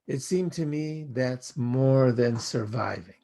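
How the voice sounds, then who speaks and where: An older American man, a rabbi, giving a reflective sermon in slow, measured, poetic phrasing. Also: mid-range voice, dark tone.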